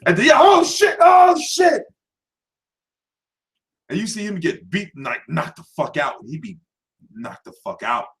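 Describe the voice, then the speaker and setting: A man hosts a profane, laughing boxing rant. His voice sits high and leaps all over the place as he acts out what people say. It is loose, casual talk straight to camera. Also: brisk. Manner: animated, laughing, mimics voices mid-story. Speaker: boxing commentary host.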